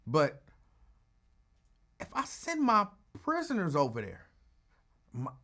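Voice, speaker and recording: A man hosting a call-in radio show, talking casually and animatedly, with quick asides. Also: on the high side. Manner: animated, conversational, drops into asides.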